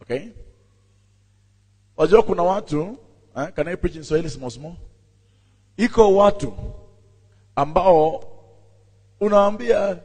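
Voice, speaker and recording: A man, a pastor, preaching a sermon and telling a story with animated voices while calling out to his congregation. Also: a little high, measured pace, long pauses, slightly rough. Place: church. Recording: long reverb in a church hall.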